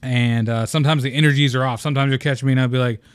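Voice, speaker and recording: A young man hosting a casual gaming podcast alone, excitable and scatterbrained, rambling and swearing casually into a close mic. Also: mid-range voice, very fast, clean tone, no room sound. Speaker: podcast host. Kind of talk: casual solo podcast chat.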